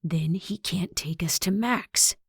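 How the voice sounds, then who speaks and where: Woman voicing a steady, low-voiced teen boy. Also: takes it slowly, creaky, slightly rough, no room sound, clean studio sound, exaggerated voice. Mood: firm.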